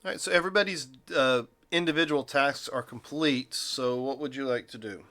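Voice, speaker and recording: A man's voice: medium pitch, a little fast, bright, forceful tone, a little hiss or hum. A man running a tabletop game as game master, narrating casually with a joking manner.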